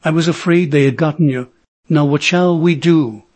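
A man's voice: fairly high pitch, moderate pace, darkish tone, no room sound, natural voice. Storybook figure: proud, impassioned young warrior woman, voiced by a male narrator. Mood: anxious.

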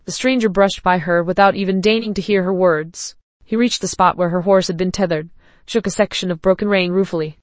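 Female audiobook narrator, steady reading, dry close sound. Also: lowish voice, fairly quick, no echo.

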